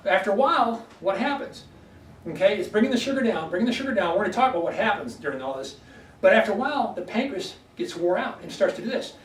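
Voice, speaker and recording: A man's voice: high-pitched, animated, fast. A man, a chiropractor giving a folksy health workshop to a live audience and often checking in with "okay?". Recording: echoey room, voice from far off, faint background noise.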